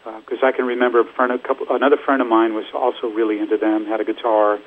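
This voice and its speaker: An older man, a musician appearing as a guest, tells stories in a casual interview over what sounds like a phone line. His voice is lowish and flat, he talks fast, and he rambles chattily with lots of fillers.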